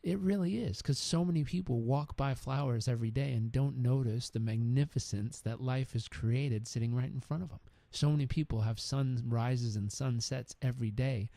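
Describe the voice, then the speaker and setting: A man's voice: medium pitch, gravelly, mellow, no room sound. A man hosting a podcast interview, talking casually and encouragingly, repeating words for emphasis. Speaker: podcast host.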